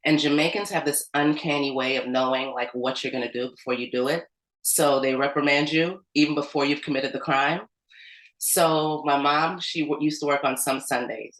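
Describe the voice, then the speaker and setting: A woman's voice: very deep voice, fairly bright tone, reverberant, low-quality recording. A woman, a community organizer, tells a personal story in a loose, conversational way full of "like" and "um". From United States. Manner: conversational, with fillers like "like" and "um". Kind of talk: storytelling talk at an organizing meeting.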